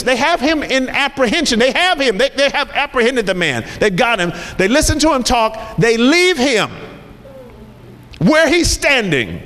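A man preaches a sermon in a high voice, pressing his points home by repeating phrases. His words ring out with the long reverb of a large hall. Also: fairly bright tone. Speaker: pastor.

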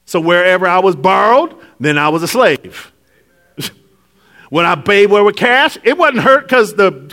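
A man preaching a sermon to a congregation, shifting between hushed, drawn-out lines and loud, laughing bursts. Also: high-pitched. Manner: animated preaching, swings from hushed to shouting, laughs often. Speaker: pastor.

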